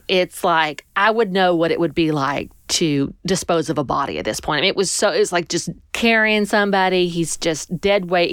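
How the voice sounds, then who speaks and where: A woman's voice: lowish voice, no echo, clean studio sound. A woman animatedly telling a personal story in conversation, acting out what people said. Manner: animated, acts out people's lines. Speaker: guest storyteller.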